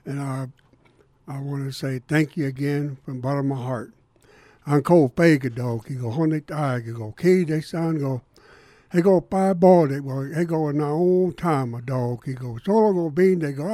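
A man's voice: fairly high pitch, mellow, no room sound. A man speaking earnestly in a radio studio, giving thanks and an opening prayer. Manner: earnest, heartfelt. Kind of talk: speech and spoken prayer on radio.

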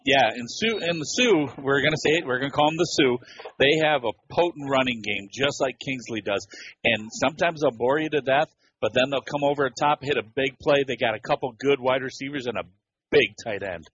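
A man giving color commentary on a local high school football radio broadcast, plainspoken and coach-like. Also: a little fast, a bit bright. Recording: muffled radio broadcast with faint hiss.

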